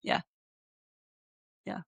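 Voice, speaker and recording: A woman's voice: extremely slow, a bit bright, no echo. A woman hosting a casual podcast chat, thinking aloud with lots of fillers and enthusiasm. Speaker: podcast host, therapist. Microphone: remote call.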